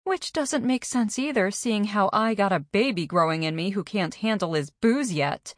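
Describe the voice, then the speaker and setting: A woman's voice: mid-range voice, expressive, normal speed, no echo, studio quality, pitched above the performer's own voice, lightly acted. A woman doing a brash, wisecracking pregnant woman. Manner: wisecracking and offhand.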